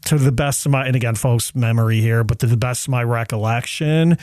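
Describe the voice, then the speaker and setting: A man speaks as a guest historian in a relaxed podcast chat indoors. He talks thoughtfully, hedges his points and fills pauses with "you know." The sound is dry, with little room tone. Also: mid-range voice, no room sound. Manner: thoughtful, hedging, many "you know" fillers. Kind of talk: casual podcast discussion. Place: indoor room with others present.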